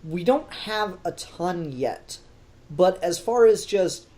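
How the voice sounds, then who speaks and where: A man co-hosting a casual podcast film review, talking with animated energy, laughing often and swearing casually. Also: high voice, slow pace, slight background noise. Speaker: podcast co-host.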